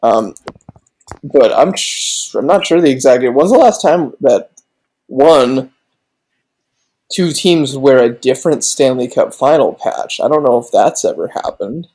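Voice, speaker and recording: A man's voice: mid-range voice, lively intonation, measured pace, a little mellow, poor audio. A man co-hosting a casual sports podcast, joking and rambling with frequent restarts and laughs. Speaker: podcast co-host.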